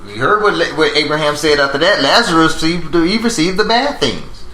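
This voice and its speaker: A man teaching a Bible class, asking students questions, repeating their answers and slowing down to stress each point. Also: a little high, animated, sharp tone. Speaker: teacher leading a Bible study. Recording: echoey room with faint noise.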